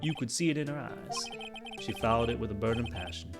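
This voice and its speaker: A man's voice: medium pitch, brisk, loud music behind the voice, lightly acted. A man voicing a pompous older male lawyer who blusters, stammers and speaks grandly.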